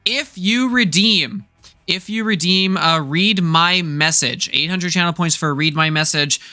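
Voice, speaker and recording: Bright-voiced man casting an esports match. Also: high voice, measured pace. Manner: joking, teasing co-casters. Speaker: esports caster. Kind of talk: casual esports commentary.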